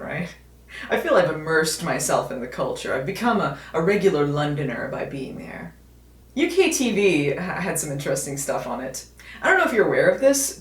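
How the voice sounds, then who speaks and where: Chatty American woman, lower voice, echoey. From United States. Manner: chatty, wry, lots of fillers. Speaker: video host. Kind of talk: casual vlog chat. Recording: echoey room.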